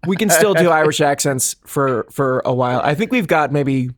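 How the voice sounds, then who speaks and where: A man's voice: on the high side, animated, moderate pace, dry recording, studio quality. A man co-hosting a comedy podcast in casual chat, rambling and self-deprecating, with many restarts. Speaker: podcast co-host.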